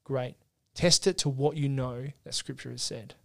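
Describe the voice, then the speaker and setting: A man's voice: medium pitch, fairly even intonation, moderate pace, vocal fry. A man co-hosting a podcast, earnestly explaining theology in casual discussion with frequent restarts. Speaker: podcast co-host.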